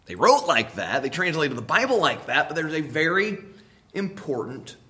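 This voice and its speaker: A man's voice: fairly high pitch, big pitch swings, normal speed, pushed and bright. A man preaching a sermon, emphatic, repeating key words and asking rhetorical questions.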